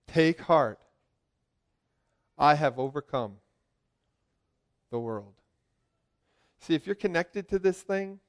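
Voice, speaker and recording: A man preaching a lively sermon, joking with his congregation and asking them questions. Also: a little high. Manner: joking, asks the crowd questions, swings from loud calls to quiet asides.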